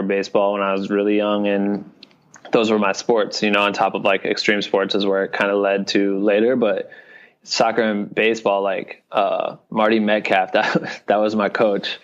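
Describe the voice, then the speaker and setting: Young man from Iowa, low monotone voice, rambling casual talk, muffled audio. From Iowa, United States. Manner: rambling, frequent "you know what I mean". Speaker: podcast guest, video director.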